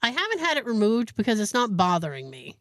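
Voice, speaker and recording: A woman podcast host telling a story in casual chat, animated, profane and self-mocking. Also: fairly high pitch, fast, no echo, studio quality.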